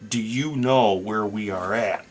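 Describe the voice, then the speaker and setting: A man as a firm, low-voiced lawful hero. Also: unhurried, slight background noise, natural voice. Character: lawful good adventurer questioning goblins.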